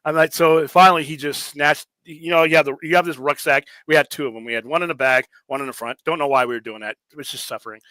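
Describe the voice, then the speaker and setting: A man casually telling army stories, animated and profane, acting out the voices of the people he quotes. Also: fairly high pitch, fast talker, hardly any pauses, no echo, low-quality recording. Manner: animated, profane, acts out quoted drill sergeants. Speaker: podcast host. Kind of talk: casual storytelling chat.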